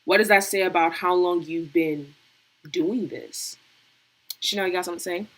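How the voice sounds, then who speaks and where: A woman hosts a casual panel over a video call, and her voice is bright and forceful. She speaks bluntly and with emphasis, slipping into slang, and sits at a slightly lower pitch. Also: normal speed, poor audio. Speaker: host.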